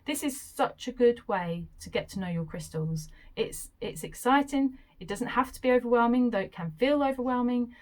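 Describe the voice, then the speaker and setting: A young woman, explaining a craft project in a casual, chatty vlog and gushing with excitement along the way. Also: a little high, moderate pace, few pauses. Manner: enthusiastic and chatty, with gushing asides. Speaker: crystal and crafts vlogger.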